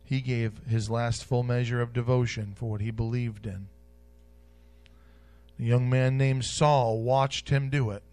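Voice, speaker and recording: A man preaching a sermon in a church, repeating key phrases and swinging between loud declarations and soft asides. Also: medium pitch, steady tone, a little slow.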